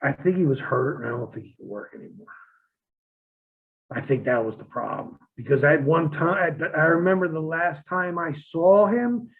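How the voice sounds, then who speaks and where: High-voiced man on a tinny line. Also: moderate pace, gravelly. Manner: profane, vivid storyteller who acts out quotes. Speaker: guest, former pro wrestler. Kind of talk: casual storytelling interview.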